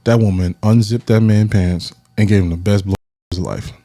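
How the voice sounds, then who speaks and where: A man, telling an animated personal story on a podcast and addressing listeners directly. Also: fairly low pitch, moderate pace, no echo. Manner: animated, acts out friends' voices in quotes. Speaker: podcast host. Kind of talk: casual storytelling chat.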